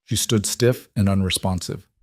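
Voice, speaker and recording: Low, dry-voiced male storyteller. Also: fairly even intonation, normal speed, a little mellow, no room sound. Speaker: narrator. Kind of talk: scripted storytelling narration.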